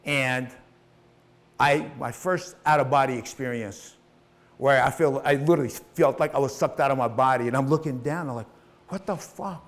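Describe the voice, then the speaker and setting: A man's voice: medium pitch, fairly even intonation, normal speed. A middle-aged man telling his own life story in a motivational talk, swearing freely and acting out the people in it. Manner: emotional, profane, acts out voices in his story.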